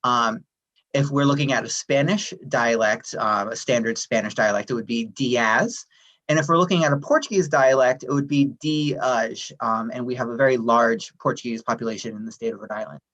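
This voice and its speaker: A man's voice: medium pitch, a little fast, low-quality recording. Friendly man presenting a workshop. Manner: friendly, even, many "um" fillers. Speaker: workshop presenter, administrative assistant. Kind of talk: explanatory workshop talk. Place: online workshop session.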